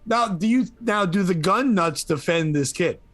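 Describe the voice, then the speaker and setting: A man's voice: high-pitched, lively intonation, normal speed, fairly bright tone, no echo. A man co-hosting a podcast, chatting casually in a blunt, teasing way. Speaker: podcast co-host.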